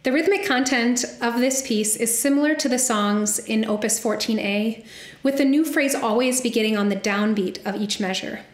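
Young woman lecturer, measured and explanatory, raised pitch, echoey room. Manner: measured, explanatory delivery with occasional fillers. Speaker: lecturer and soprano. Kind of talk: academic lecture recital. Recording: roomy echo.

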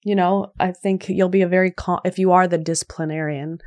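A woman's voice: fairly low pitch, steady tone, fairly quick, a little mellow. A woman comedian chatting as a guest, earnest and reflective, often trailing off. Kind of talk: casual chat.

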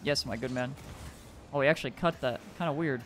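A young man chatting while playing a team game, with short excited callouts, frequent giggles and some swearing. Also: medium pitch, brisk, slight background noise. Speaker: teammate in a team match. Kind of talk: casual gaming voice chat.

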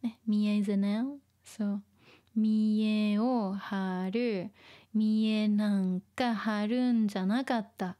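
A woman teaching vocabulary in a casual livestream lesson, softly mixing Japanese and English and laughing often. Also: mid-range voice, fairly even intonation, a little slow.

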